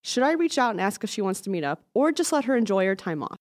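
A woman co-hosting a podcast, telling stories in a playful, animated casual chat. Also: medium pitch, fast, dry recording, clean studio sound. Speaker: podcast co-host.

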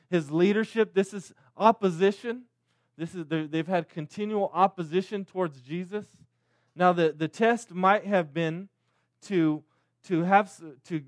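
A man in his thirties preaching a sermon as a pastor, with a halting delivery, frequent restarts, repeated words and tag questions. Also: sits high, no echo, studio quality.

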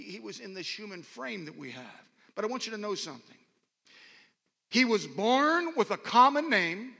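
A man's voice: sits high, vocal fry, pushed and bright. A man preaching a sermon to a congregation in a folksy, rambling way, with joking asides. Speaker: pastor. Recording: long reverb of a large hall.

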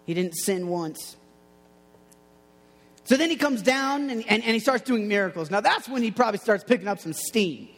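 High-voiced youth pastor, playful. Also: male voice, animated, normal speed, fairly bright tone. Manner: playful, storytelling, acts out quotes. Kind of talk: casual sermon. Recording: long hall reverb.

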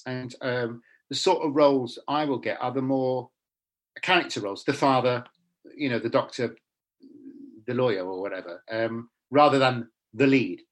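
A man's voice: medium pitch, normal speed. A middle-aged man, an actor talking bluntly and animatedly in a casual interview, often restarting his sentences.

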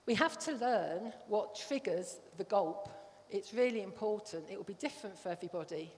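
A woman gives a friendly, conversational sermon, regularly asking the congregation if they follow. Her voice sits at an ordinary middle pitch. It rings out with a long reverb, as if recorded in a large church hall. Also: animated, moderate pace, a little mellow. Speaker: church speaker.

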